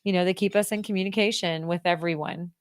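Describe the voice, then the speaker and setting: A woman's voice: lowish voice, fairly even intonation, fast talker, clean tone, dry recording, studio quality. A woman from the United States hosting a radio show, casual and jokey, laughing at herself as she chats. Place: radio studio.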